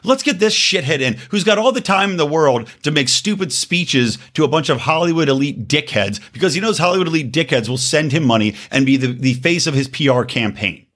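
A man's voice: a little high, expressive, brisk, hardly any pauses, fairly bright tone. A male podcast host with a scratchy throat, ranting in angry, profane, sarcastic political commentary.

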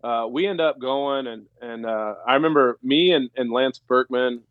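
A man's voice: mid-range voice, normal speed, smooth, dry recording, phone-quality sound. A man, a former pro ballplayer, telling a story on a podcast in a loose, rambling way with many fillers and restarts. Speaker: former pro baseball player, podcast guest. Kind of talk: casual storytelling.

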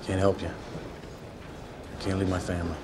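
A reluctant former investigator, played by a man in a film, refusing in short, quiet lines. His voice is low. A steady rumble sits behind it. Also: normal speed, lightly acted. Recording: film clip with background rumble.

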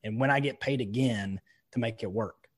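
Husky man telling emphatic stories. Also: mid-range voice, normal speed. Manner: emphatic storytelling with frequent profanity. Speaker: podcast host, insurance agency owner. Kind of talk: casual podcast conversation.

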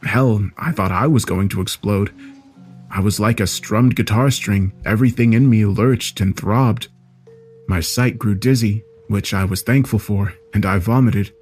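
A man's voice: on the low side, unhurried, darkish tone, slightly rough, soft background music. A man reading a first-person horror story aloud in a dramatic, scripted narration.

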